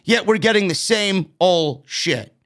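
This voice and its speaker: A man's voice: sits high, animated, unhurried, fairly bright tone. A man with a New York accent giving a blunt, profane, exasperated review of a wrestling show. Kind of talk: profane ranting commentary.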